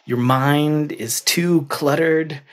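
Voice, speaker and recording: A man voicing a very old, small monk who answers in a hushed, calm voice. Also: fairly high pitch, takes it slowly. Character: very old, tiny male monk, calm and wise.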